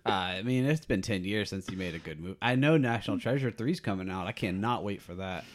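A man's voice: on the low side, lively intonation. Wry, teasing man in casual chat. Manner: wry, teasing, quick jokes. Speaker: co-host reacting to a movie trailer.

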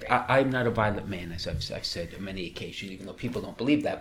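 A middle-aged man with a New York accent tells stories with a lot of swing in his pitch and an animated, laughing delivery. There is a faint noise behind his voice. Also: fast talker, few pauses. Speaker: bishop. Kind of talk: storytelling interview.

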